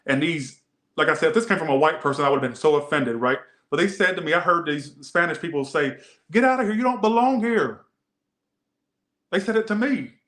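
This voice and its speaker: A man's voice: mid-range voice, a bit bright, roomy sound. A man doing a casual tarot reading, rambling and swearing, often repeating himself. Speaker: tarot reader.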